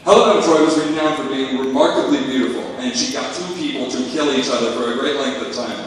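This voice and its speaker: A young man doing a stand-up set at an open mic, deadpan and awkward, often laughing at his own jokes. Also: mid-range voice, fast. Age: young adult. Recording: echoey hall, far from mic.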